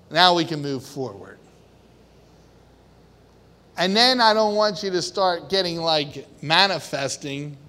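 A man preaching a sermon with great passion, swinging from hushed, deliberate lines to loud, emphatic ones. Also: high-pitched. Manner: impassioned, swinging from quiet to shouting. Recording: long reverb of a hall.

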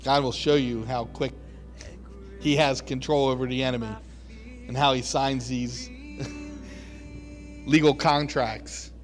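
A man's voice: medium pitch, fairly even intonation, slow pace, long pauses, soft background music. A man preaching a sermon in a conversational, emphatic storytelling way, likely in a church.

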